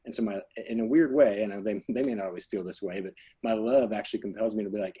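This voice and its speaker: Husky low-voiced man interviewer. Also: quick pace, dark tone. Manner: rambling, searching questions full of fillers. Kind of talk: conversational webinar interview.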